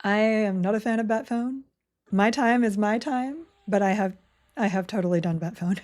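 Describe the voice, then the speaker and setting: A woman's voice: mid-range voice, moderate pace, a little mellow. A young adult woman streaming a game live, chatting casually, giggling and reading chat aloud.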